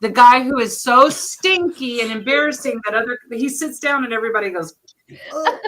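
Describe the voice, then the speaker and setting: A woman's voice: a little high, fairly quick, noisy background. A woman from Texas, hosting a quiz in brash, profane, casual banter. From Texas, USA. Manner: brash, swears freely, laughs often. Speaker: quiz host.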